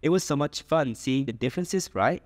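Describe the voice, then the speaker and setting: Male co-teacher from Saigon, Vietnamese accent, mid-pitched, plain and explanatory, dry close sound. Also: lively intonation, normal speed, dry recording. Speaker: language teacher. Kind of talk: scripted language lesson.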